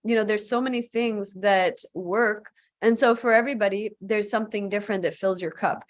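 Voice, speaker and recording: A woman yoga teacher chats casually on a live stream, her words loose and full of "like". She sounds mid-pitched, in an ordinary everyday register, coming through a video-call mic. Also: moderate pace. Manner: chatty, with frequent filler "like".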